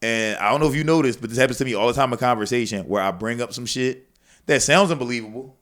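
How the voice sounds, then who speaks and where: A man, a comedian guest, talking casually on a podcast in an animated, profane way, often acting out other people's voices. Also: medium pitch, quick pace.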